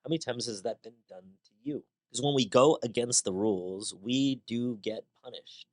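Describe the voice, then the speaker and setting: A man's voice: mid-range voice, normal speed, a little mellow. A man hosting a podcast, talking through ideas in a conversational monologue with rhetorical questions and a personal story. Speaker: podcast host. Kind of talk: reflective monologue.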